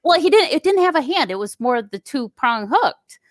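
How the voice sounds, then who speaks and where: A woman's voice: high voice, very animated, moderate pace, dry recording, clean studio sound. A woman chatting casually on a podcast about parenting, friendly and laughing often. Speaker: guest parent.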